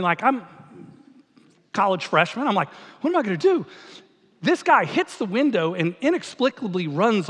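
Man, pastor, storytelling sermon, lively swooping pitch, long hall reverb. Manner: animated, acts out dialogue, laughs at own story.

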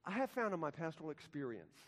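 A male pastor delivers a sermon in a slightly high voice, moving from ringing, emphatic declarations down to hushed, slow words. His voice carries a long reverb from a church sanctuary. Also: very animated. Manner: impassioned preaching with wide swings from loud to hushed.

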